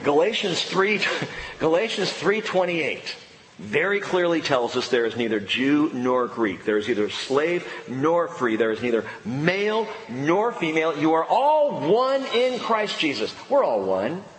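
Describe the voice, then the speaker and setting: A middle-aged male pastor preaching a sermon, swinging from excited high exclamations to low, earnest emphasis. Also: measured pace, echoey room, a little hiss or hum, low-quality recording.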